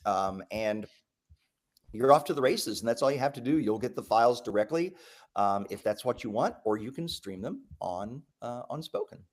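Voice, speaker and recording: A man presenting a live software demo, talking enthusiastically, with lots of ums and restarts. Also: mid-range voice, expressive, moderate pace. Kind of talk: live product demo talk.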